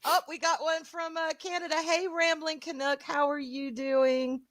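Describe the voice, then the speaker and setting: A woman with a Southern drawl chats through a casual livestream, greeting viewers by name with "sweetheart" and "honey". Her voice is bright and a touch high, and it sits close and dry on the mic. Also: level tone, normal speed, no echo. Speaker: co-host of a stream.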